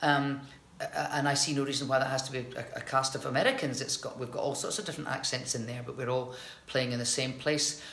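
A middle-aged Scottish woman, an actress, chatting in an interview and telling stories in a lively way full of restarts. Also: a bass voice, quick pace, vocal fry. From Scotland. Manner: chatty, animated storytelling with many restarts. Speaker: actress guest. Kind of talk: casual interview chat. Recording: roomy echoey recording.

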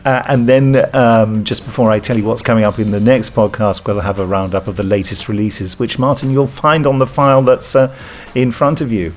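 A man hosting a podcast, running through the lineup and teasing his co-host in a brisk way. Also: medium pitch, fairly even intonation, slight background noise.

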